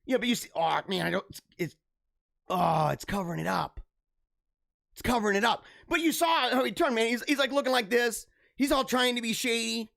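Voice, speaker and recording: A young man talks through odd news stories in a loose, joking commentary style. His pitch moves widely up and down as he gets excited. He laughs often and circles back over his own phrases. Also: a little fast, gravelly. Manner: animated, laughs often, repeats himself. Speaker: commentary show host. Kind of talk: casual reaction commentary.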